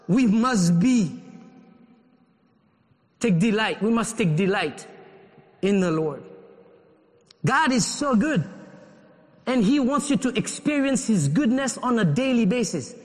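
A man preaching a sermon as pastor in a church, fervent and climbing into shouted pleas. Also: extremely high pitch, in a large hall.

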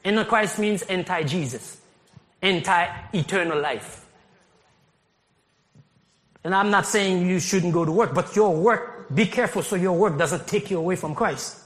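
A man from Haiti preaching a sermon as pastor, animated, laughing often and rising to shouts. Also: sits high, measured pace, long pauses. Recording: long hall reverb.

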